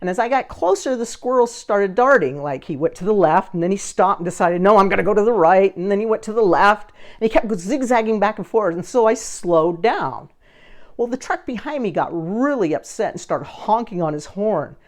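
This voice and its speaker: A woman who runs a social media page tells a story to camera in a casual vlog, animatedly acting out the other people involved. Her voice is medium-pitched and she talks at a normal speed.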